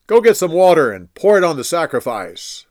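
A man's voice: a little high, sing-song, normal speed, darkish tone, dry recording, clean studio sound, voice pushed up. A man voicing a bold, commanding male prophet who proclaims in a raised voice.

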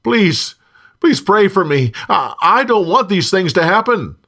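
A man doing a begging ex-sorcerer, high and strained. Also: very animated, measured pace, pushed and bright, full character voice. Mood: desperate. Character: pleading former male sorcerer, desperate.

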